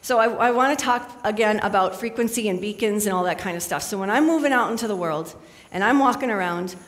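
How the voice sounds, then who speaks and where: A woman's voice: medium pitch, fast talker, big-room sound. A middle-aged woman speaking as a spiritual speaker to a live audience in a chatty, storytelling manner.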